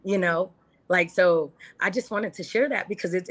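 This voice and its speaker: Her voice sits on the low side with a breathy edge, and she keeps a moderate pace. This thirtysomething woman is a guest on a podcast, chatting casually but with earnest feeling and animation, voicing quotes herself.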